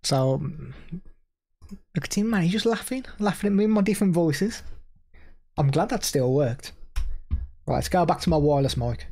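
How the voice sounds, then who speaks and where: A man in casual live-stream chat, showing gear and answering his viewers. His voice is mellow and a little husky. He talks easily and laughs often. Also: fairly high pitch, lively intonation, normal speed, long pauses.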